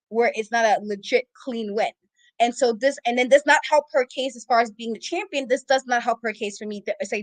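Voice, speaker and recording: A high-voiced woman recaps a wrestling show with sass and exasperation. She talks casually and animatedly as a co-host. Her voice is close and dry. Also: dry recording, low-quality recording. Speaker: podcast co-host.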